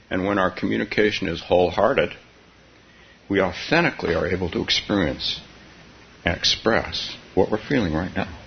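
A man giving a dharma talk as a meditation teacher, soft-spoken and halting, often laughing gently between phrases. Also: fairly low pitch, gravelly. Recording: dull, slightly hissy recording.

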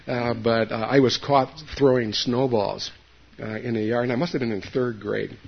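An older man, a Zen meditation teacher, giving a dharma talk to a group in a halting, folksy way, with many fillers, restarts and asides to his listeners. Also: mid-range voice, steady tone, creaky, breathy edge. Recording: dull lo-fi recording.

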